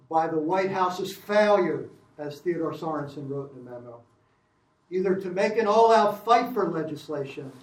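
An older man reading a prepared lecture in a measured academic way, with occasional restarts. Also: fairly high pitch, reverberant, recorded from a distance, rough recording.

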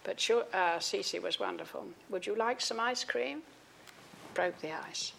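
An older woman with a gravelly, fry-edged voice gives a public talk and reads aloud from her own book. Between passages she breaks off with ums and false starts. Her pitch sits in an ordinary middle range. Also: a little slow, a bit bright, slight background noise. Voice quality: frequent ums and restarts between readings. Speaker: author giving a talk.

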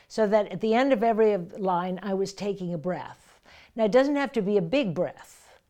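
A woman's voice: mid-range voice, lively intonation, moderate pace, warm tone. A woman voice coach explaining how to breathe through verse lines, now and then reading lines aloud with force. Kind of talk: teaching verse speaking with readings.

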